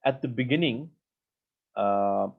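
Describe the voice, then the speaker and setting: A man's voice: medium pitch, slow pace, husky. Man teaching coding over tinny audio. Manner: patient, step-by-step explaining, often repeats words. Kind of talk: live online coding lesson.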